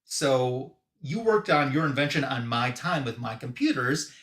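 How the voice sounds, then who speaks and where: A man's voice: medium pitch, animated, measured pace, fairly bright tone, reverberant. A man doing a smug, gloating businessman villain.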